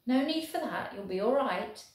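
A woman voicing a gentle young soldier soothing a horse. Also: a little high, expressive, normal speed, pitched above the performer's own voice, natural voice. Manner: soft, soothing talk to a horse. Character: gentle young male soldier groom, devoted. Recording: very echoey room.

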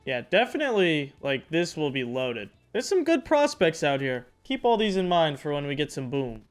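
A man's voice: on the high side, normal speed. Upbeat young man narrating gameplay. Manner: upbeat, excitable, slangy. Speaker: gaming YouTuber. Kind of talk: casual gameplay commentary. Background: background music.

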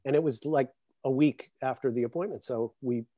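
Calling in by video from home in Connecticut, a drummer guest tells lively stories full of laughter in a relaxed conversation. His voice is mid-range and brisk, with no room sound.

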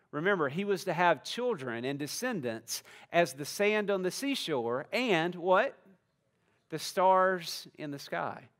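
A man's voice: on the high side, a bit bright. A man, a pastor giving a conversational sermon and often asking the congregation questions.

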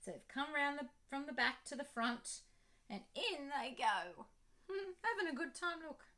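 A woman reading her picture book aloud to children, animated and asking her listeners questions. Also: high voice, moderate pace.

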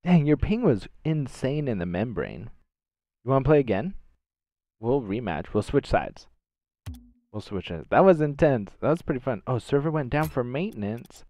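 A man giving excitable gameplay commentary, shouting reactions and trading playful trash talk. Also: mid-range voice, normal speed, dry recording. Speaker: gaming channel host.

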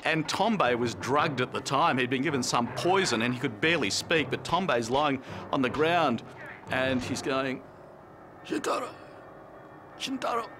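A man's voice: medium pitch, animated, moderate pace, background noise. A man interviewed outdoors, telling a story with animation and acting out scenes. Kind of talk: anecdote in an interview.

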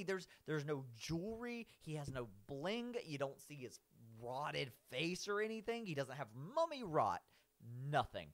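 A man's voice: medium pitch, sing-song, unhurried, a bit bright. A man giving casual, rambling commentary as he rates cartoon villains. He keeps saying "like", restarts his sentences and laughs at his own points.

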